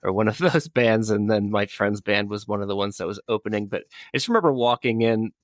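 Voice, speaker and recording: A man's voice: lowish voice, a little fast, no room sound. A man in his forties recalling his teenage years in a casual interview, loose and nostalgic, with many likes and you-knows. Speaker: band member.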